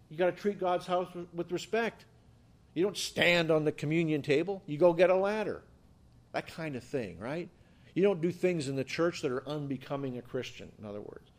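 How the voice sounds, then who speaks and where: A male pastor delivers a sermon with a slightly high-pitched voice. He talks emphatically, repeating words and restarting phrases, and keeps putting rhetorical questions to his listeners. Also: a little mellow.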